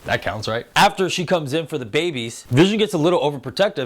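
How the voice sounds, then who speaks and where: A man's voice: medium pitch, lively intonation, fast talker, hardly any pauses. A man in his thirties hosting a casual review show, talking loosely, swearing freely and acting out quotes in silly voices. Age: 30s. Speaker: host. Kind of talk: casual spoiler review chat.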